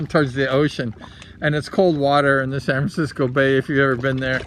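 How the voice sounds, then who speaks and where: A man telling a personal story in a casual, rambling way, heavy on filler words and excitable as he retells it. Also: mid-range voice, moderate pace, a little hiss or hum.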